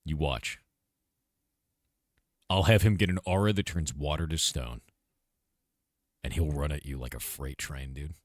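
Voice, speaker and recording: A man's voice: extremely low pitch, a little slow, pauses often, no room sound, studio quality. A man, a game developer, talking casually with his livestream chat. He asks viewers questions, muses aloud and breaks into emphatic outbursts. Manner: animated, with sudden emphatic outbursts.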